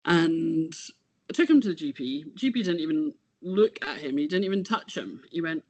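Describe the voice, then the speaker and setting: A woman, talking about her son as an interview guest, halting and reflective, often trailing off. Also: low-pitched, lively intonation, darkish tone, no echo. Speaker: interview guest, bereaved mother. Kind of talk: casual conversation.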